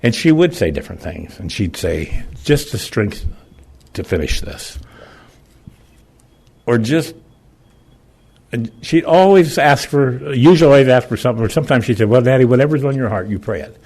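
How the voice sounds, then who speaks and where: A man's voice: medium pitch, expressive, normal speed, gravelly, pauses often, a little mellow, slightly rough. An older man giving a plain-spoken, emotional personal testimony in church, with folksy phrasing.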